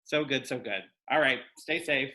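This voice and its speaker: A man's voice: mid-range voice, moderate pace, pushed and bright. A man hosting a casual online interview show, upbeat and effusive, repeating his praise. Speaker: host.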